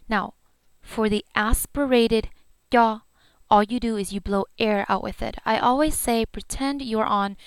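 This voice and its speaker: A woman's voice: a little high, fairly even intonation, a little slow, smooth, dry recording. A woman teaching pronunciation on a podcast, repeating each sound aloud as she demonstrates it. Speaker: language teacher.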